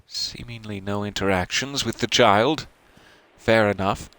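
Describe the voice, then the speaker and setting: A man's voice: fairly low pitch, a little slow, fairly bright tone, clear, resonant tone, no room sound, poor audio. A man hosting a let's play, reading the game's text aloud and adding dry, self-mocking asides.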